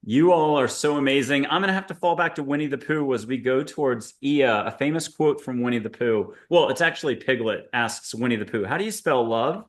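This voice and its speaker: A man's voice: mid-range voice, fairly quick, hardly any pauses. A man hosting a video-call panel, leading a guided meditation in a playful, rambling, punning way. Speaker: host.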